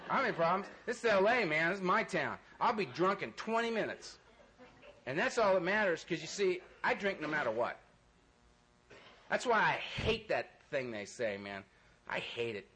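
A man's voice: high-pitched, big pitch swings, moderate pace, bright, forceful tone, slight background noise. A man telling a loose, laughing, self-mocking story to an audience and acting out voices. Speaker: speaker sharing his recovery story.

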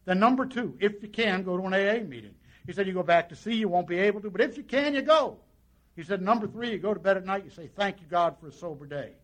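A man's voice: high voice, lively intonation, fast talker. A man sharing his personal recovery story at a meeting, in a folksy storytelling way with lots of quoted dialogue. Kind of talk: personal testimony to an audience.

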